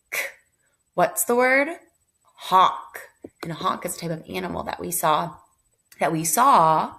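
Slow, low-voiced woman teaching phonics. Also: a bit bright. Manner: slow, deliberate sounding-out of letters with encouraging praise. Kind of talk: phonics review lesson.

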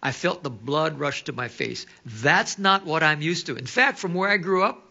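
A man preaching a sermon, telling stories with animation and dropping to hushed asides. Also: fairly high pitch, normal speed, vocal fry, dull audio. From Hawaii. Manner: animated storytelling, drops to hushed quoted asides. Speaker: pastor.

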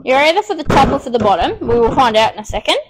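Breathless chatty woman, high voice. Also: big pitch swings, very fast, heavy background noise. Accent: Australian. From Australia. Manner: chatty, self-talking with many ums. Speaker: furniture restorer hosting a live stream. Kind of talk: casual live-stream chat while working.

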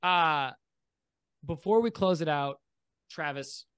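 A man runs a tabletop game as its dungeon master, narrating in a loose, halting way full of fillers. His voice sits a little high for a man. The recording is dry and close. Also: a bit bright, smooth, dry recording.

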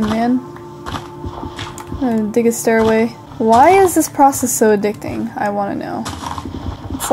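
A young woman who hosts a gaming channel gives casual gameplay commentary in a slightly high voice over a noisy background. She's a little sick and coughs now and then, talking to herself between sudden panicked outbursts.

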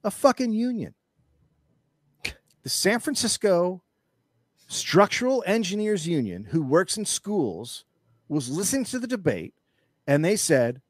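Man, interview guest, animated pitch, swearing rant, dry close sound. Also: unhurried, pauses often, no room sound. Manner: angry profane ranting; animated storytelling with restarts. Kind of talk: casual chat.

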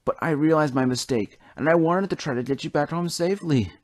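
A man's voice: fairly high pitch, brisk, a little mellow, no room sound, pitched above the performer's own voice, close to an everyday voice. A man voicing a scheming engine in a toy train story who stammers and pleads, now sorry for his deeds. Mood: earnest.

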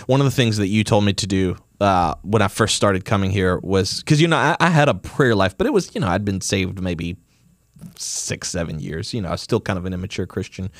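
A man's voice: low-pitched, brisk, dry recording, studio quality. A man co-hosting a faith podcast, chatting casually, who laughs easily and reflects on his own experience. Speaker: co-host.

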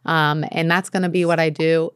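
A woman's voice: deep voice, flat delivery, moderate pace, smooth, no echo, clean studio sound. A young American woman co-hosting a podcast, chatting casually with lots of filler words and a rambling manner. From United States. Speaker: podcast co-host. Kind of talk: casual chat.

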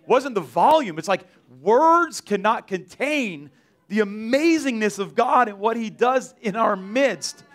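A man's voice: sits high, expressive, a little slow, a bit bright. Man telling a rambling church testimony. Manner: rambling, filler-heavy, many "like"s and restarts. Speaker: mission trip team member giving testimony. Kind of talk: church testimony, casual storytelling. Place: church service.

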